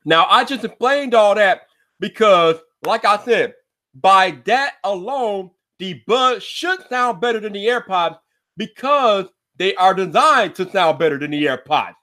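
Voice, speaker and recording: High, bright-voiced brash male podcaster. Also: expressive, a little slow. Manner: brash, slangy and emphatic. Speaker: tech podcast host. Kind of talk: solo podcast rant.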